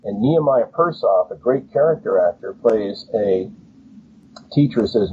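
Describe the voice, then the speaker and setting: A man's voice: lowish voice, lively intonation, moderate pace. A man, an author being interviewed, telling stories with enthusiasm and acting out quoted lines. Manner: enthusiastic storyteller, acts out quotes. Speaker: author and guest. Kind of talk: casual interview chat. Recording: tinny phone-like line, faint noise.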